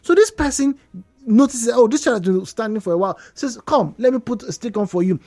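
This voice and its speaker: A woman with a Nigerian accent hosts a radio talk show, speaking briskly in a fairly high voice. She tells a story with animated energy, repeating points to hammer them home, over soft background music with no echo.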